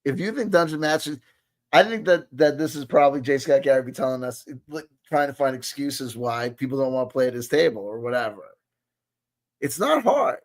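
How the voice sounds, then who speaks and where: A man's voice: medium pitch, lively intonation, fairly quick. A man in his late forties hosting a casual reaction commentary, rambling and swearing, constantly checking in with his listener. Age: 40s. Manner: rambling, profane, keeps asking "you know what I mean". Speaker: host.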